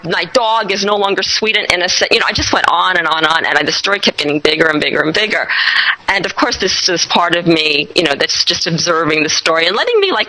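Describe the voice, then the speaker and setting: A woman hosting an interview, telling a story in an animated way and laughing often. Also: fairly low pitch, poor audio. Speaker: host.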